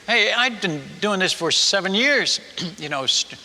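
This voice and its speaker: A male preacher tells a sermon story in an animated, self-mocking way, often stumbling and starting over. His voice is very bright and cutting. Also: high-pitched, a little slow, big-room sound. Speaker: missionary preacher.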